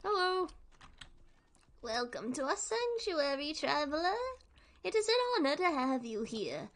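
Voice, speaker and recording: A woman reading aloud the lines of welcoming temple cats in a game, in a formal, measured way. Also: sits high, very animated, fairly bright tone, voice pushed up, full character voice.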